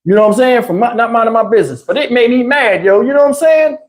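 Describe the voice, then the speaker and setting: A man telling stories on his live stream, in a casual, animated way with crude slang and frequent laughter, through a lapel mic. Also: extremely high pitch, fast. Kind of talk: casual anecdotal storytelling. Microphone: wireless lapel mic.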